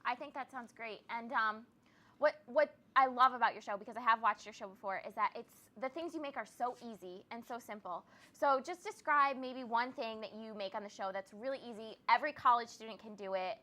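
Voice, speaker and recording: A woman's voice: on the high side, fairly quick, pushed and bright. A woman hosting a casual interview, asking questions and encouraging her guest. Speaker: talk show host.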